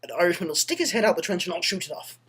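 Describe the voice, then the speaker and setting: A man's voice: high-pitched, sing-song, very fast, heavy background noise, pitched above the performer's own voice. A young man voicing a scheming male German soldier in an exaggerated, clumsy put-on German accent.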